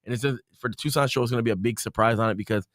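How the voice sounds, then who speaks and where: A man's voice: medium pitch, very fast, a bit bright, dry recording. A man, a guest DJ, chatting casually in a studio with a laid-back storytelling manner. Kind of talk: casual chat. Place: radio studio.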